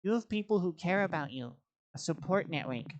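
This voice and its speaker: A woman voicing a calm, disappointed female mentor who speaks in a measured, earnest way. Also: lowish voice, dull audio, a little hiss or hum, natural voice.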